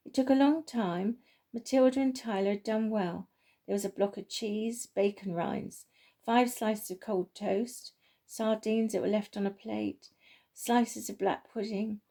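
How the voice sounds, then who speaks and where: Warm-toned woman narrating a children's story, gentle and homely. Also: medium pitch, a little slow, gravelly. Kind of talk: reading a children's story aloud.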